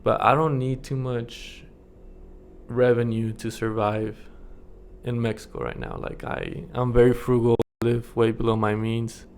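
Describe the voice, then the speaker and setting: A man's voice: medium pitch, flat delivery, unhurried, slight background noise. A young man from the United States talking casually to his camera in a rambling vlog, full of fillers and frequent chuckles. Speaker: vlogger.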